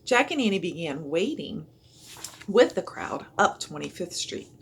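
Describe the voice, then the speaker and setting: A woman reading a children's chapter book aloud in an expressive storytelling manner. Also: lowish voice, a little slow, creaky, slight background noise. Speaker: reader.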